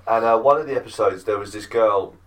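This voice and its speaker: A man's voice: lowish voice, fast, distant mic. A man hosting a podcast, telling a story in a rambling, casual way full of fillers and restarts. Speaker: podcast host.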